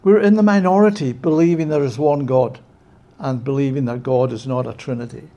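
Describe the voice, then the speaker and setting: A man preaching a sermon with emphasis, often checking in with his listeners with a quick "yeah?". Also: medium pitch, warm tone, lo-fi sound.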